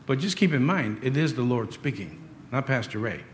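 A middle-aged man preaching a sermon as pastor, swinging between loud emphatic lines and quiet asides. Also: mid-range voice, expressive, normal speed, slight background noise.

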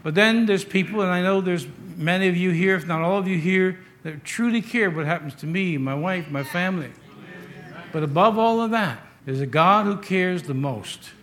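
A man delivers a sermon from the pulpit, his voice sitting notably high for a man. He builds his points through repetition and lightens them with humorous personal anecdotes. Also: normal speed, a bit bright. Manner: storytelling with humor, repetitive emphasis. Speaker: pastor.

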